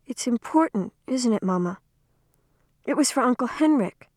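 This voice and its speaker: A woman's voice: fairly high pitch, animated, moderate pace, a little mellow, no echo, clean studio sound, voice pushed up. A woman reading a storybook, voicing an earnest young girl who asks urgent questions. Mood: eager.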